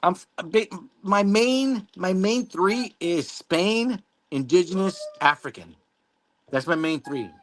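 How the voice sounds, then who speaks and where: A livestream host from Mexico chats with a high-pitched, animated voice at a slow pace, reading viewer comments. He rambles, swears casually, and laughs often.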